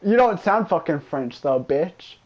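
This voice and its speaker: A fairly high-pitched man takes his time, speaking unhurriedly during a video game stream. Casual chat and foul-mouthed, excitable trash-talk directed at a friend make up his laid-back gameplay commentary.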